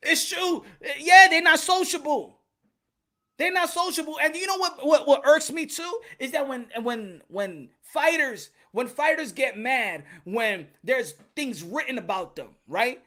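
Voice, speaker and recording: A man's voice: very high voice, slow pace. A man, giving a casual, swearing, laughing monologue as a boxing commentator. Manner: loud, animated, laughs often, swears.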